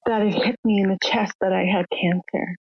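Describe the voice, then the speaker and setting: A woman's voice: mid-range voice, fairly even intonation, moderate pace, slightly rough, dry recording. An older woman telling her personal story as a podcast guest, candid and emotional, acting out the voices of the people in it. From Canada. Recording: muffled lo-fi sound, dry.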